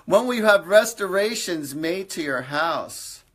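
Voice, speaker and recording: A middle-aged psychic medium streams a live reading, his high, a-bit-bright voice moving a little slowly with lively intonation. Earnest and reassuring, he repeats phrases and adds light jokes for his viewers.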